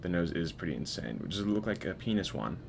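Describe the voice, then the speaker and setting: A man's voice: low-pitched, animated, quick pace, gravelly, over music. A man hosting a live stream, chatting casually and playfully with viewers while he works. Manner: playful, teasing, talks to chat while working.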